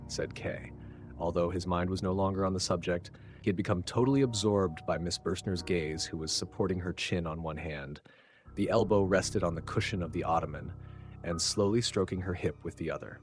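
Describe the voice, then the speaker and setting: Very deep-voiced male audiobook narrator. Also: moderate pace, faint music behind. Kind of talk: scripted narration.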